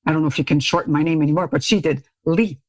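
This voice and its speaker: A middle-aged woman, a guest on a podcast, tells her story in a lowish voice. She acts out quoted lines with sudden leaps in pitch and laughs often. The recording is dry and close. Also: fairly even intonation, rapid-fire, darkish tone, no echo. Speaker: podcast guest, beauty brand CEO. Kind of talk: animated storytelling in casual chat. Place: Ontario, Canada.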